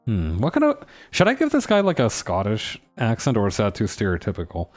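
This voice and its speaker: A man's voice: fairly low pitch, wildly swooping pitch, a little fast, faint music behind. A man casually commenting on a role-playing game as he plays, with a wry, sarcastic manner, reading the game's text aloud along the way. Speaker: gaming streamer playing a role-playing video game.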